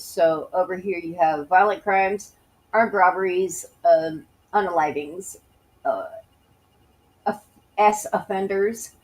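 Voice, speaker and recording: A woman with a faint Southern US lilt, fairly low-pitched and slightly mellow, works through emails as a YouTuber. She punctuates them with sarcastic, blunt, mocking commentary.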